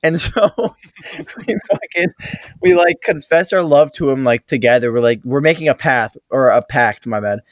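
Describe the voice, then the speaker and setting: A man's voice: medium pitch, animated, moderate pace, no echo. A young man with a mid-range voice, speaking in a casual, rambling way. He swears easily and drifts between details. The sound is dry and close. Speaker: podcast co-host. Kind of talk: casual chat, storytelling.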